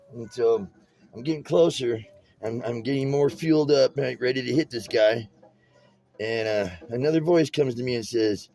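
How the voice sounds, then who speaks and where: A man with a medium-pitched, slightly mellow voice talks briskly, telling meandering stories while demonstrating how to tie-dye a shirt. He uses casual, streetwise speech, often restarts sentences, and drifts between tales over soft background music on a rough recording.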